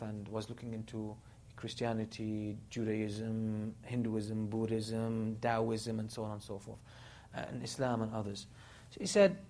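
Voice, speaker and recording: A man giving a sermon, retelling a story with animated, dramatic quotes of the people in it. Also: medium pitch. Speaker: Islamic preacher.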